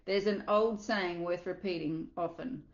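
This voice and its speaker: A woman's voice: on the low side, fairly even intonation, a little slow, reverberant, lo-fi sound. A woman coach reading a self-help book aloud, earnest, with small slips and asides.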